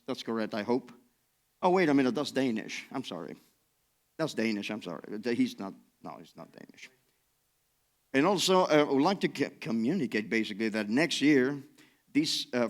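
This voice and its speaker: A man with a non-native English accent giving a chatty, self-deprecating keynote talk in a conference hall. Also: medium pitch. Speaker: keynote speaker.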